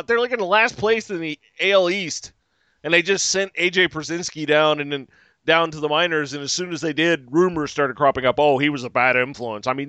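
Profane ranting man, bright crisp voice. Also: on the high side, dry recording. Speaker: podcast host. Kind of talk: casual ranting chat.

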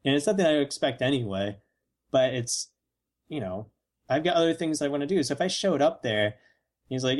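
A man co-hosting a casual comedic chat, cracking deadpan jokes and acting out mock quotes. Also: medium pitch, brisk.

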